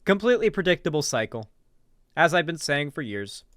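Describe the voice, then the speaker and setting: A man's voice: fairly high pitch, very animated, brisk, a bit bright, no room sound, studio quality. A young man reacting live to a video, chatting casually with lots of fillers, restarts and trailing thoughts. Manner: rambling, many fillers and restarts.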